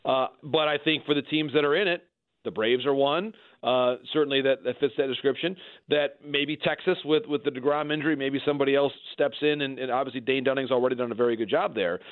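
A man giving measured baseball analysis in a conversational way, often restarting his sentences. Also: mid-range voice, steady tone, dry recording. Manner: measured, frequent restarts and repeated words. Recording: dry, phone-like line.

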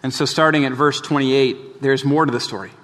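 A man preaching a sermon as pastor, earnest and emphatic, often dropping soft and low to press a point. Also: fairly even intonation, fairly quick. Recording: long reverb of a large hall.

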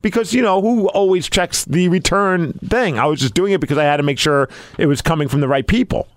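A young man co-hosting a podcast, telling stories in a blunt, exasperated, animated way. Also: on the high side, fairly quick, no echo. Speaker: podcast co-host. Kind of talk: casual studio chat. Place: radio station studio.

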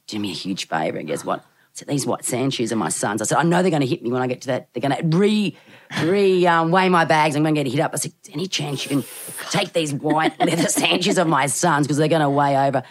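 Low-voiced, fast-talking Australian mum. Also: female voice. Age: middle-aged. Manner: lively storyteller, acts out quotes. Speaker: podcast guest, mother. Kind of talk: casual storytelling chat.

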